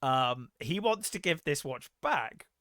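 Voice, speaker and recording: A man with a bright, forceful voice talks through a film in a casual podcast chat. He sounds animated, swears freely, and laughs between lines. The dry, close sound has little room to it. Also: on the high side, slow, no echo. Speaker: podcast co-host.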